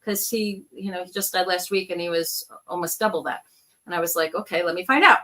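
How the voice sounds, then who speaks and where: Bright, animated New woman. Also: fairly low pitch, fairly quick. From New York. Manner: animated storyteller who acts out the people in her stories. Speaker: guest, psychic medium. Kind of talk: casual storytelling interview.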